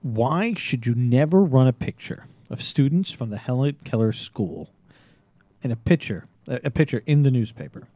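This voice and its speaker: A man's voice: medium pitch, moderate pace, mellow, no room sound. A man co-hosting a casual news show, answering quiz questions in a wry, playful way. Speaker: co-host, editor. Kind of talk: casual radio-style news banter.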